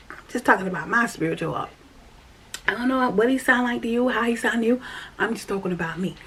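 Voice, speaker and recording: A woman giving a casual spoken faith check-in, earnest and repetitive, sometimes dropping to a soft whisper. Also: mid-range voice. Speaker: vlogger sharing a faith check-in. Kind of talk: casual spoken testimony to camera. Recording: faint background noise.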